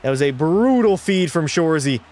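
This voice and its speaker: Excitable young man streaming a game. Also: a little high, moderate pace. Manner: excitable, swears, chats with viewers. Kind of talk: live gameplay commentary.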